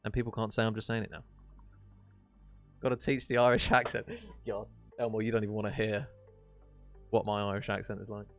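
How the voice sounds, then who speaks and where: A man casting an esports match on stream, chatty and jokey, chatting warmly with his viewers. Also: lowish voice, flat delivery, brisk, pauses often, faint music behind. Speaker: esports caster. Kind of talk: casual stream commentary reading chat.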